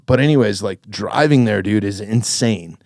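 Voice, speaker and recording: A man's voice: on the low side, moderate pace, vocal fry, darkish tone, dry recording. Laid-back swearing man, dry close mic. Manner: swears freely, says dude a lot. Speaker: podcast host. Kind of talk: casual chat.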